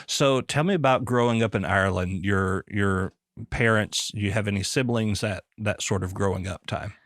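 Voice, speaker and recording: A man's voice: on the low side, moderate pace, a bit bright, dry recording, clean studio sound. Easygoing Southern American man hosting. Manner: easygoing, asks plain questions. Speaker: podcast host. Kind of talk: casual interview chat.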